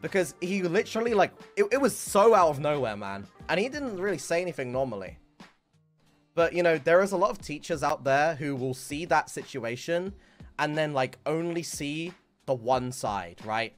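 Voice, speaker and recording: A man's voice: fairly high pitch, normal speed, faint music behind. A young man streamer telling a school story in casual, rambling chat, full of fillers. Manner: rambling, filler-heavy, animated retelling.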